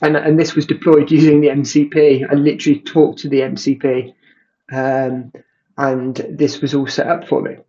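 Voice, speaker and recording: A man casually walking through a tech demo, halting with many ums and restarts. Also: on the high side, flat delivery, mellow, highs cut off. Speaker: tech creator. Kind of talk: casual screen-share walkthrough.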